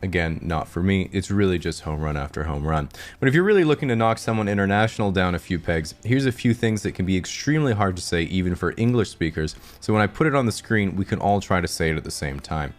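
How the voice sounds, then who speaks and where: A man with a Pacific Northwest American accent giving scripted comedic narration in a dry, deadpan, sarcastic way. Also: low voice, fast talker, hardly any pauses.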